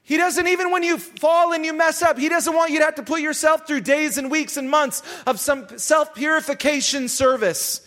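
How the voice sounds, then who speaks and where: A male preacher with a strikingly high voice delivers a sermon. His tone is bright and forceful. He hammers his points home by repeating phrases and now and then lifts into a shout. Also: moderate pace, hardly any pauses.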